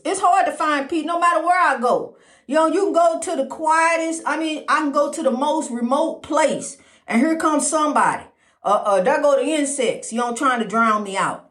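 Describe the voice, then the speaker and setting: A woman's voice: high voice, a bit bright. A middle-aged woman hosting her own podcast, talking casually about faith in a folksy, preachy way, calling the listener honey. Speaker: podcast host. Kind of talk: casual spiritual talk. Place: indoors at a lighthouse, roomy. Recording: roomy echo.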